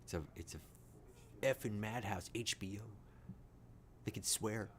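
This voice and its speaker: A low-voiced man reacts live as he watches, talking in excited, rambling bursts and swearing freely. Faint ambient noise hums behind his voice. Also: a little slow. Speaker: reaction streamer.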